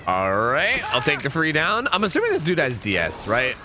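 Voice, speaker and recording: A young man giving casual, jokey commentary while streaming a horror game, chatting and breaking into sudden high exclamations. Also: wildly swooping pitch, normal speed, over music.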